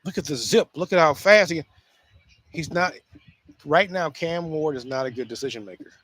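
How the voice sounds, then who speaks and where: A man hosting a casual solo sports talk show, speaking in an animated way with frequent restarts and repeated phrases. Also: on the high side, moderate pace, breathy edge.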